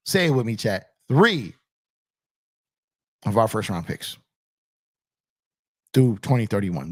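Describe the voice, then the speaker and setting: With a medium-pitched, slightly mellow voice, a man runs an energetic basketball talk show, stressing his words, echoing his own phrases and addressing his chat as "y'all." He's in a purple-lit home studio, recorded through an on-camera streaming setup.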